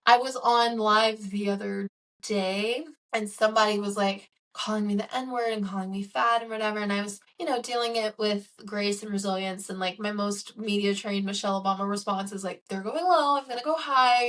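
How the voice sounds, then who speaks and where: A woman's voice: mid-range voice, little pitch movement, normal speed, recorded from a distance. A young woman from Chicago hosting a solo podcast, talking in an earnest, candid way about herself with many casual fillers. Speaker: podcast host. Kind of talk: reflective solo podcast monologue.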